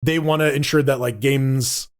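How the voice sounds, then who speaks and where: A man's voice: medium pitch, steady tone, normal speed. A man co-hosting a casual gaming podcast, rambling along with frequent restarts and casual swearing. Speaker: podcast co-host. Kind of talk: casual gaming news chat.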